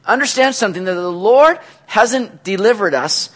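A man preaching a sermon as pastor, animated, acting out quotes with loud, excited outbursts. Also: sits high, normal speed.

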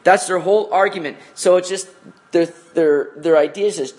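A man's voice: high-pitched, normal speed, a little mellow. A man teaching a conversational evening Bible study, casual in tone and often asking his listeners rhetorical questions.

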